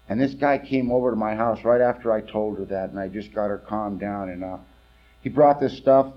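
A man's voice: on the low side, moderate pace. Man telling a raw story, lo-fi. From California. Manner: rambling, candid, wry storytelling with fillers. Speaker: recovery meeting speaker. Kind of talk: personal testimony at a meeting.

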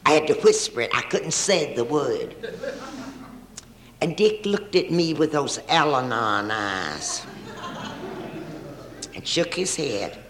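A woman's voice: low-pitched, sing-song, slow pace, pauses often, reverberant, crowd noise. An older woman, telling her own story at a recovery meeting with wry, self-mocking humor. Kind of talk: personal storytelling talk.

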